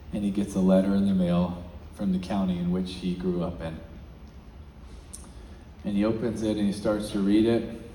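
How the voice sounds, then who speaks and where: A man giving a motivational talk as a featured speaker, telling a story and swinging between hushed and loud, excited passages. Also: on the low side, a little hiss or hum. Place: large event hall. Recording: echoey hall.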